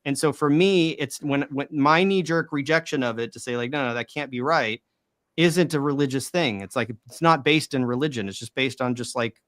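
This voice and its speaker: Guy explaining stuff earnestly, mid pitch voice, super dry close mic. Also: fairly quick, hardly any pauses, fairly bright tone, no echo. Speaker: guest who reads ancient languages. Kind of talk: casual discussion.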